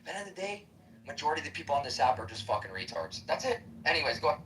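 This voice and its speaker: A man fires off a quick, combative, profanity-laced rant, his voice bright and pushing hard. He sounds a little distant from the mic, with faint noise around him. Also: fairly high pitch, big pitch swings. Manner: aggressive, profane, combative ranting. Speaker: live-stream debater. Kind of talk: heated live-app debate rant.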